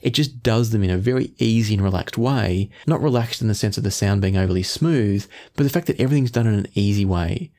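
A man reviewing earphones in measured talk, often qualifying his claims. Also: on the low side, warm tone. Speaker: audio gear reviewer.

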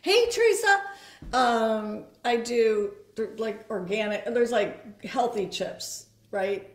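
A woman's voice: a little high, expressive, slow pace. A woman hosting a casual live cooking chat in her home kitchen, chatty and bubbly. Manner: chatty, bubbly, laughs often. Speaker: host. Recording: echoey kitchen.

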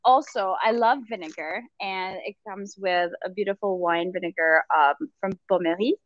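A woman's voice: medium pitch, moderate pace, no echo, highs cut off. A woman chatting casually and enthusiastically about food and a holiday gift hamper. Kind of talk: casual video-call chat.

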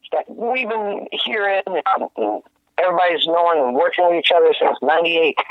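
Guest musician, male, high voice, animated storyteller, tinny phone-like sound. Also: normal speed, dry recording. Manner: animated, laughing, slangy and profane. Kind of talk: casual storytelling chat.

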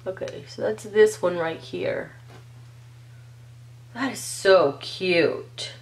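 A woman's voice: mid-range voice, drawn-out words, rough recording. Gushing woman unboxing nail polish. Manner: gushing, excitable, talks to viewers. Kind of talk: casual unboxing chat.

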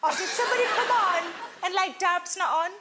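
A woman's voice: very high-pitched, brisk, over a noisy crowd. A woman hosting a comedic talk show interview, cheeky and giggly, with frequent ums. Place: television studio with live audience. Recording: studio audience laughter and noise.

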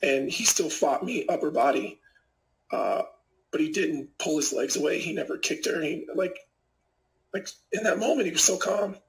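Gravelly man telling a story, echoey room. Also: on the high side, expressive, normal speed. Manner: rambling, many fillers like "like" and "you know". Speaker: professional fighter and fight analyst. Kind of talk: casual interview storytelling.

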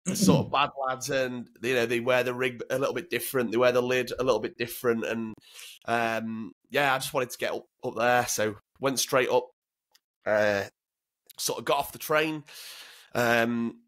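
A man's voice: medium pitch, fairly even intonation, normal speed, fairly bright tone. A man, telling frank, swear-laden stories as an interview guest, often repeating words as he starts. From Northern England. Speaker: guest, former commando. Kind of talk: casual interview storytelling.

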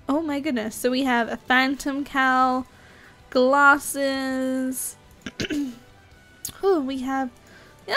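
A young woman with a high voice chats her way through a video game, excitable and quick to squeal at every surprise. Faint game music plays under her commentary. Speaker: gaming YouTuber. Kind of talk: casual gameplay commentary.

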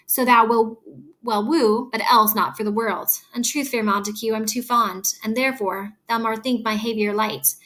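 A woman's voice: on the high side, fairly even intonation, normal speed, fairly bright tone, lightly acted. A woman reading the part of an earnest, guarded young woman in love, stumbling now and then over the old verse. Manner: reads the old verse aloud, stumbling on words.

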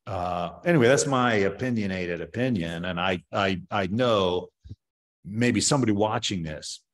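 An older man in his seventies talks with a fairly low voice. He is a martial arts master being interviewed. His opinionated answers ramble and are full of fillers and restarts. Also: moderate pace.

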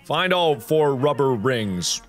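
Hosting a gaming video, a man offers animated, jokey let's-play commentary that swings from squeaky to mumbled. He speaks slowly, with faint music in the background.

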